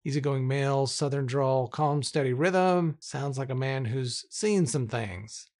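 A man's voice: mid-range voice, a little slow, a little mellow. Enthusiastic man thinking aloud on screen. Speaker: tech YouTuber testing AI coding tools. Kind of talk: casual screen-recorded commentary.

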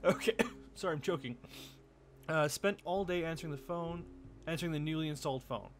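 A young man commenting on a game as he plays, excitable, swearing and laughing often. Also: a little high, fairly quick. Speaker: gaming video host. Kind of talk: let's play commentary. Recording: game music playing behind.

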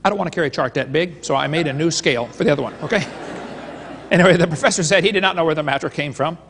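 A man with a somewhat high voice lectures at a live seminar, mixing jokes with stories that he acts out as dialogues. His voice rings with the long reverb of a large hall. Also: racing, fairly bright tone, slight background noise. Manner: joking storyteller, retelling dialogues. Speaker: creationist seminar speaker.

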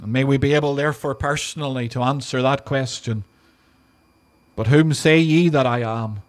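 A male pastor, preaching an earnest sermon and slowing down to stress each scripture quote. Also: mid-range voice, steady tone. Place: outdoor drive-in church service.

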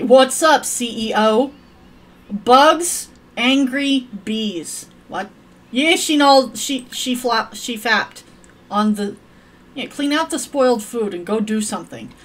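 A woman's voice: fairly high pitch, sing-song, slow, a bit bright. A woman streaming a game, rambling to her viewers and cursing at her characters in crude, profane chat. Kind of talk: casual gameplay commentary.

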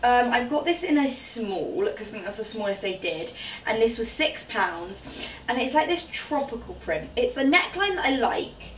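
A woman's voice: on the high side, very animated, moderate pace, slight background noise. A woman, chatting and exclaiming bubbly through a clothing try-on haul. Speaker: fashion vlogger. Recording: roomy, distant from the mic.

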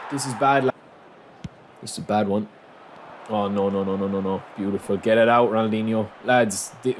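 A man commentating on his own football video game match, excitable, calling his viewers lads and bursting into shouts at big moments. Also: lowish voice, background noise. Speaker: gaming YouTuber.

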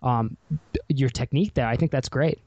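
A man's voice: medium pitch, moderate pace, a little mellow, dry recording, lo-fi sound. A man hosting a podcast interview, talking in a rambling way with many fillers and restarts. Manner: self-described introvert. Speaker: podcast host. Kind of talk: conversational interview.

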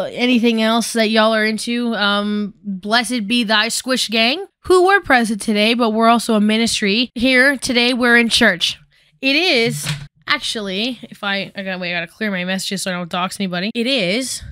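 A young woman gives a casual video essay in a bright, smooth voice with a sarcastic edge. She talks loosely and irreverently. The recording is close and dry, with no room sound. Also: mid-range voice, no room sound. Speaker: YouTube commentator.

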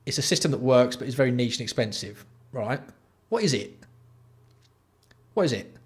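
A man's voice: medium pitch, animated, normal speed, pauses often. A young man hosting a livestream, reading product copy aloud and mocking it with sweary, exasperated commentary. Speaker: livestream host.

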